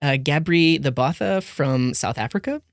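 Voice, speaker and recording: A man's voice: on the high side, expressive, normal speed, gravelly, no room sound, studio quality. A man on a podcast team, chatting casually and laughing easily. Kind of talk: casual chat.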